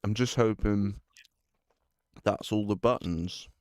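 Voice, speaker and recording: A man's voice: fairly low pitch, slow pace, a little mellow, clean tone, no echo, studio quality. A man streaming a retro game, chatting in a casual, self-deprecating way. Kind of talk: casual chat while gaming. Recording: game music behind voice. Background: game music.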